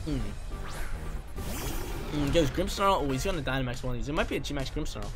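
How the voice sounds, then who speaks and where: A man giving casual, excitable commentary over his own video game battle, trash-talking and joking as he plays. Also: fairly high pitch, fairly quick. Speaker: gaming YouTuber. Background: background game music.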